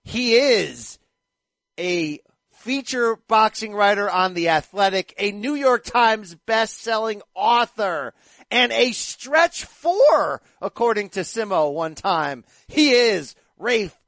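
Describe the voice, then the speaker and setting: A man with a fairly high, bouncy voice that swings widely up and down hosts a casual boxing podcast. He talks with energetic, playful banter into a close, dry mic. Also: takes it slowly, no echo. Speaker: podcast host.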